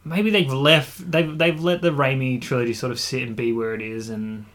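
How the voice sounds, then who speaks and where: A man co-hosting a podcast chats casually about film news, often hedging, trailing off and laughing. His voice is medium-pitched and fairly bright, with fairly even intonation and a moderate pace.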